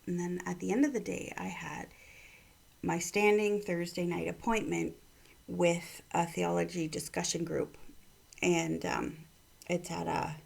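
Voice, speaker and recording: Slow, husky-voiced gentle woman. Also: fairly low pitch, fairly even intonation. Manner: gentle, reflective, drifts into soft whispers. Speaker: vlog host giving encouragement. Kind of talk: personal storytelling and encouragement.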